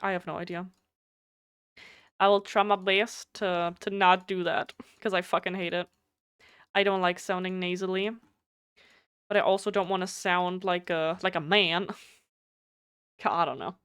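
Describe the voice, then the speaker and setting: A talkative woman streaming a game, her German accent coming through. Her voice is smooth and clear with a slight nasal edge, and it sits close and dry on a desk mic. She chats bluntly and swears freely. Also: on the low side, flat delivery, unhurried, long pauses, a bit bright, no echo. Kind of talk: casual live stream chat.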